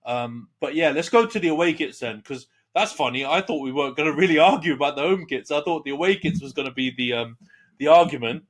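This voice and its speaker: A man's voice: fairly high pitch, fast talker. A young man co-hosting a casual football podcast, often stumbling over repeated words. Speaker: podcast co-host, Man Utd fan. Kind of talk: casual banter about football.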